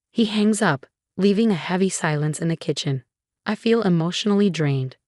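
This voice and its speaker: A woman's voice: lowish voice, normal speed, darkish tone, dry recording, studio quality. A woman narrating a dramatic first-person story in plain storytelling manner.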